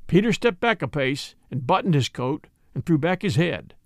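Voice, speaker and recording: A man reading a story aloud with lively, expressive delivery. His voice sits a little high, and the sound is close and dry. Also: normal speed, no echo. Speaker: narrator.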